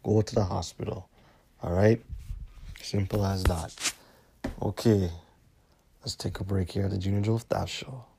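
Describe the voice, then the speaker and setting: A man's voice: low-pitched, fairly even intonation, measured pace, creaky, long pauses, heavy background noise. A man hosting his own podcast in a drowsy, laid-back monologue, swearing a lot and tacking "man" onto his sentences. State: tired, yawning. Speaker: podcast host. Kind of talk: casual monologue.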